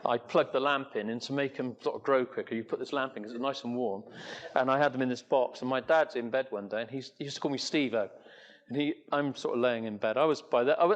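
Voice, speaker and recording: A man's voice: mid-range voice, lo-fi sound. Rambling older Englishman telling a story. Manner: rambling storyteller, many fillers and restarts. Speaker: entrepreneur speaker. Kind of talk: anecdotal talk to an audience.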